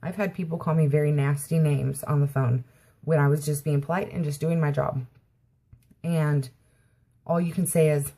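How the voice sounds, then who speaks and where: Woman vlogger, lowish husky voice, indignant story-time rant. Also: fairly even intonation, moderate pace, warm tone. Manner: indignant retelling, constantly quoting herself with "I said".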